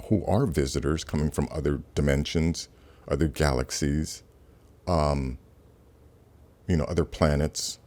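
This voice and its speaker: Very deep-voiced man hosting casual commentary. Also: a little mellow. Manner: rambling, with many fillers and restarts. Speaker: channel host.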